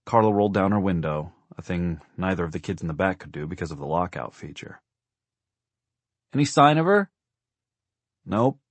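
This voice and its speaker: A man narrating an audiobook in a steady, measured storytelling manner. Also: low voice, no echo.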